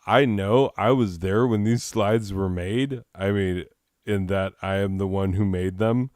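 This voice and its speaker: A man's voice: lowish voice, a little slow, a little mellow, dry recording, clean studio sound. A man hosting a comedy show, rambling through improvised, self-mocking banter full of fillers.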